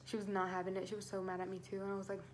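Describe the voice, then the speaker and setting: A woman's voice: medium pitch, completely flat delivery, racing, darkish tone, a little hiss or hum. A pregnant teenage girl telling her story to camera in a casual vlog, chatty and full of fillers, swearing freely. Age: teens. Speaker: vlogger.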